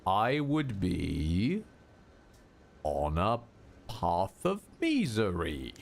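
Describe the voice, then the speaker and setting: A man's voice: low voice, huge pitch swings, very slow, gravelly, slight background noise. A man streaming a game live, talking to himself with sarcastic, jokey commentary. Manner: sarcastic, jokey self-talk.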